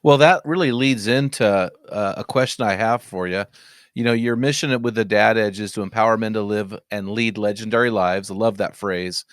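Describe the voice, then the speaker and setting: A man in his forties hosts a podcast with a smooth, even voice of middle pitch. He asks earnest, admiring questions. The sound is dry and close. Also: moderate pace, no echo. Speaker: podcast host. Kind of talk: interview questions.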